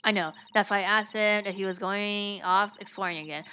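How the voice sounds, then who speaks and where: A woman's voice: mid-range voice, fairly even intonation, brisk, pushed and bright, slight background noise. A woman streaming a story game, reading its dialogue aloud with casual, slangy asides. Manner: casual, swears and laughs between lines.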